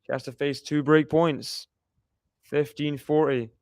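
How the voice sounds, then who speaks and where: A man's voice: on the high side, level tone, unhurried, darkish tone, no echo, studio quality. A man giving chatty live play-by-play commentary on a tennis match, laughing often and cheering the players on.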